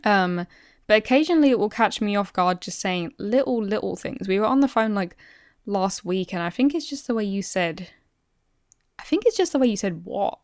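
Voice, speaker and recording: A woman's voice: mid-range voice, animated, moderate pace, dry recording, clean studio sound. A woman, co-hosting a podcast in casual chat, giggly and self-deprecating. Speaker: podcast co-host.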